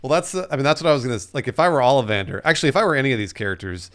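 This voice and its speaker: A man hosting a podcast, chatting casually and telling bits with animated, laughing energy. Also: medium pitch, rapid-fire. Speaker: podcast host. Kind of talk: casual chat.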